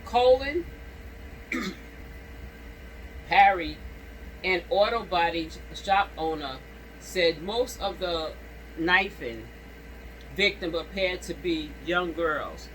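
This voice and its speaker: A man hosting a channel, reading a news story aloud haltingly with stumbles and restarts, breaking off for casual comments to viewers while coughing and clearing his throat. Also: sits high, animated, fairly bright tone, slight background noise, poor audio.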